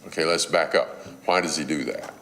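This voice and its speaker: A man's voice: rumbling low, fairly even intonation, a little fast, a bit bright, reverberant, a little hiss or hum. A male preacher giving a conversational sermon, teaching through everyday stories. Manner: conversational, illustrative storytelling. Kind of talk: sermon on parenting.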